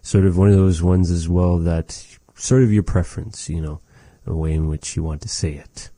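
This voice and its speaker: A man teaching vocabulary in a language lesson, explaining words slowly and patiently and repeating each one after the recorded speakers. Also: low voice, steady tone, dark tone, no echo.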